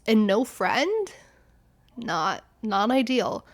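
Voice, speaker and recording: A young woman hosting a podcast, telling a story in a casual, animated way, with constant "like" fillers and frequent swearing. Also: fairly high pitch, measured pace. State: recovering from an illness. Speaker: podcast host.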